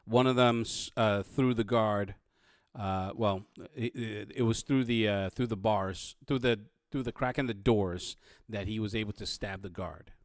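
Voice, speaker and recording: A man narrating a tabletop game as dungeon master, halting and full of restarts. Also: on the low side, dry recording.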